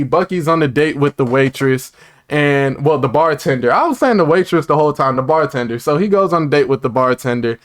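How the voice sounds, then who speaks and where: A man casually recapping and reviewing a TV episode, rambling and excitable, with lots of filler words and side comments. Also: fairly high pitch.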